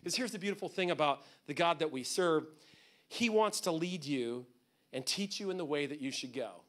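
A man's voice: on the high side, lively intonation, moderate pace, fairly bright tone. A man preaching a sermon as pastor, in a conversational, joking manner that often acts out what people say.

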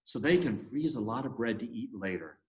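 A man's voice: medium pitch, lively intonation, brisk, natural voice. A man doing an earnest elephant. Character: busy volunteer elephant. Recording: echoey room.

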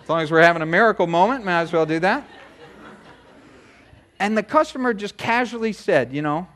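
A middle-aged man preaching a sermon, telling a personal story in a chatty, animated way with many asides. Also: sits high, a little fast. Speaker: pastor. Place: church sanctuary.

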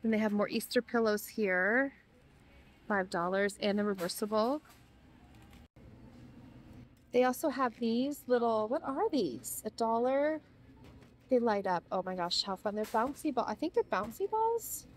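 A woman's voice: on the high side, normal speed, a little hiss or hum. A young woman filming a store walk-through for her vlog, gushing and gasping with delight at what she finds. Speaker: vlogger. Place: inside a large retail store.

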